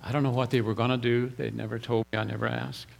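A male preacher tells personal stories in a plain, homespun way. He often repeats words and clears his throat before going on. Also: medium pitch, flat delivery, quick pace.

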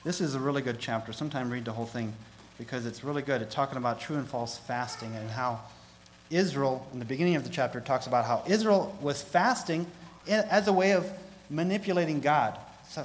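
A man's voice: fairly high pitch, normal speed, a little hiss or hum, poor audio. Man preaching with rising intensity. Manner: reads scripture aloud, rising and louder on key verses; asks the congregation questions. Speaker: pastor. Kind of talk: sermon.

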